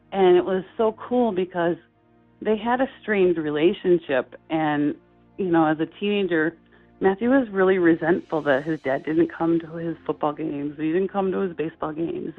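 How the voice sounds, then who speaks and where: Middle-aged woman on a tinny phone line. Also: fairly low pitch. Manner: halting, heartfelt, many fillers and restarts. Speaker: interview guest. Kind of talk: personal storytelling. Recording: tinny phone-line sound with faint music.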